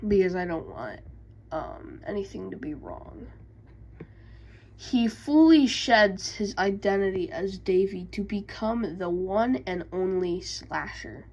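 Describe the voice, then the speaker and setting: Slow, hesitant woman recapping game lore. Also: medium pitch, low-quality recording. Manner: hesitant, many fillers and self-corrections. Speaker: YouTube creator.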